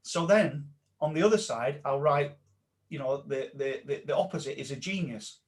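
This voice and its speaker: A man, a mindset coach speaking as a podcast guest, animated and dropping his voice low when he quotes self-talk. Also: normal speed. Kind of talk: casual podcast interview.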